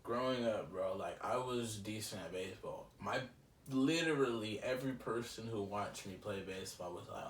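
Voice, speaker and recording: Very animated yet a little slow, this young man with a mid-range voice rambles reflectively on his own podcast, leaning heavily on fillers. The sound is roomy and a bit distant, with faint noise around it.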